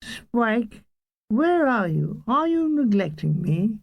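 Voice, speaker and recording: Needy, clingy young woman calling out, as a male narrator puts her on, in a high voice. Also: sing-song, slow pace, gravelly, dull audio, exaggerated voice.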